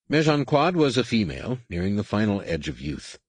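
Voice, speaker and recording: A man narrating an audiobook in a deliberate, even storytelling manner on a close microphone. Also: lowish voice, husky, no echo. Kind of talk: scripted narration.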